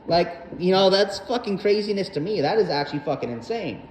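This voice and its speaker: With a high, brisk voice and lively intonation, a young podcast host tells a rambling personal story packed with profanity and filler words. It's a casual storytelling monologue, recorded with a roomy echo and faint background noise.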